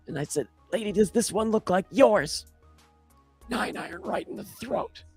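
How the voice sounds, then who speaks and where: A man's voice: high voice, animated, normal speed, a little mellow, husky, soft background music, voice pushed up, exaggerated voice. A man voicing a male golfer who rambles through a long story in a breathless, storytelling way. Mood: rambling.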